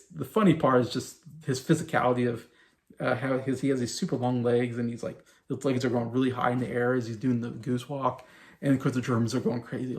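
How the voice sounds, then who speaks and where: A man's voice: medium pitch, creaky. A man in his thirties hosting a casual sitcom review, rambling with many fillers and restarts. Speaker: show host reviewing a sitcom.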